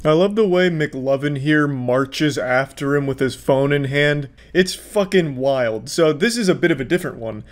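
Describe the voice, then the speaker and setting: A man doing sarcastic video commentary in a deadpan, mocking voice, swearing freely. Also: fairly high pitch, normal speed, few pauses, slight background noise. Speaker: commentary host.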